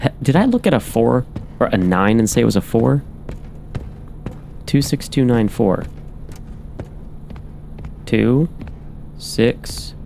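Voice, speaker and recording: A man's voice: medium pitch, sing-song, slow, creaky, long pauses, dark tone, a little hiss or hum. A man hosting a horror game playthrough, muttering to himself as he works through codes and making wry asides. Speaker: gaming channel host. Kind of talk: let's play commentary.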